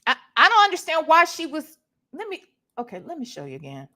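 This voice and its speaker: High, lively woman gossiping to her viewers. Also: a little fast. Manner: animated, repeats herself, talks to chat. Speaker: commentary vlogger. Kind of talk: gossip commentary with live chat.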